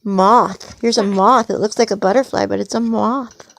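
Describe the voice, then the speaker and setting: A woman's voice: medium pitch, fairly even intonation, moderate pace, vocal fry, no echo, clean studio sound. A woman patiently teaching a toddler animal names at home, with exaggerated encouraging praise.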